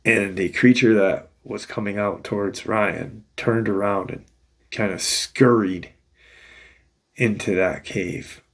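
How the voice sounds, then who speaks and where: A man's voice: fairly low pitch, takes it slowly. A man host casually retelling an encounter story in a loose, rambling way, full of restarts and "you know".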